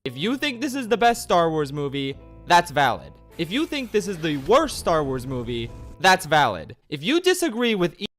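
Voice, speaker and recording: A man's voice: fairly high pitch, huge pitch swings, normal speed, fairly bright tone. A man narrating scripted video commentary, played back as a clip. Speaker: video essayist. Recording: played clip with background music.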